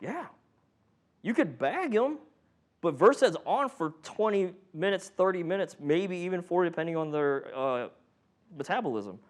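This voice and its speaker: A man's voice: sits high, normal speed. A man teaching a paramedic training class in a casual, joking way, quizzing the room and acting out patients. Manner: joking, animated, acts out patient and monitor voices. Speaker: paramedic instructor.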